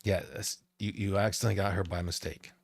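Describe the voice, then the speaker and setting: A man's voice: deep voice, little pitch movement, quick pace, gravelly. A man in casual podcast chat, blunt and profane, with wry teasing. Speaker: podcast co-host.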